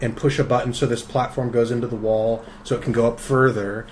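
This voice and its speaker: A man hosting a casual podcast chat, talking haltingly with many fillers and restarts. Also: medium pitch, little pitch movement, slight background noise. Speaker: podcast host.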